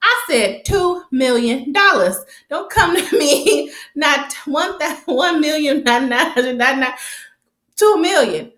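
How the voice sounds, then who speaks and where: A woman's voice: high voice, lively intonation, slow, echoey room, pitched above the performer's own voice, full character voice. A woman putting on an indignant male crime boss. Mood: furious. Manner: loud, indignant, repeating himself. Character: angry male crime boss demanding payment.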